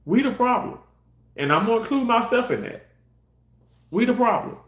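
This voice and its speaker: A man's voice: very high voice, animated, moderate pace, echoey room. A man ranting on his live stream in a passionate, heated way, cursing and repeating himself. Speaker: live-stream content creator. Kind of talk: casual live-stream rant.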